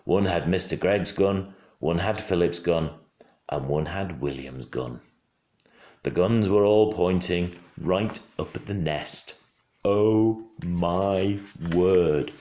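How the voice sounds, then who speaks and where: A father reading a storybook aloud at home, expressive and hushed in quiet moments. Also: low-pitched, slow pace. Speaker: father reading to his child. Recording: roomy home room.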